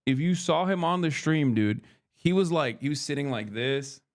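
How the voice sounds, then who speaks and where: A man's voice: a little high, lively intonation, moderate pace, no echo, clean studio sound. A man streaming, giving casual, profane reaction commentary and mimicking friends.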